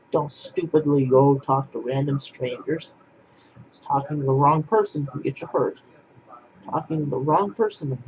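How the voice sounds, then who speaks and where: Man, blunt casual rant, repeats himself, medium pitch, dull lo-fi sound, faint hiss. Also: a little mellow. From Poland. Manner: blunt, repetitive, restarts phrases. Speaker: vlogger. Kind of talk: casual ranting monologue to camera.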